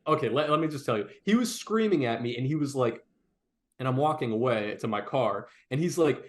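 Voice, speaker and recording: A young man, podcast co-host, telling a story in casual chat, animated and profane, full of "like" fillers. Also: mid-range voice, a little fast.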